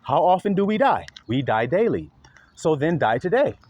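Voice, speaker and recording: A man preaches a sermon at a normal speed, calling out rhetorical questions to his listeners. He's animated, swinging his pitch widely and acting out exaggerated voices. The recording has its highs cut off.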